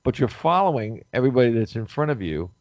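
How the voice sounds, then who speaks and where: An animated man tells a story on a talk show, putting on the voices of the people he quotes. His voice is fairly low. The recording is dry and dull, with no room sound. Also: fast talker, no room sound. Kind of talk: casual talk radio storytelling.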